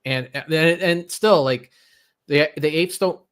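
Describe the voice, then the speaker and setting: A man's voice: fairly high pitch, a bit bright. Rambling man chatting about movies. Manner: rambling, halting, many restarts. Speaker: podcast co-host. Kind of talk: casual chat about movies.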